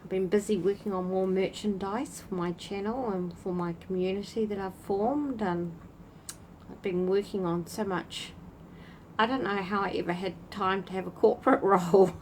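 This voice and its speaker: A woman's voice: medium pitch, steady tone, normal speed, low-quality recording. Woman chatting on a live stream outside at night, greets folks by name, faint hiss behind. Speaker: spiritual channel host. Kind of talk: casual livestream chat. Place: outdoors at night in a breeze.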